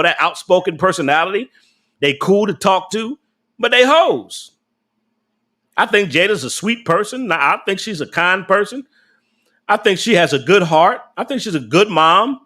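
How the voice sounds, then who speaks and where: A man's voice: high voice, expressive, moderate pace, sharp tone. A young adult man, casually ranting on a live stream, blunt and profane, laughing often and talking back to his chat.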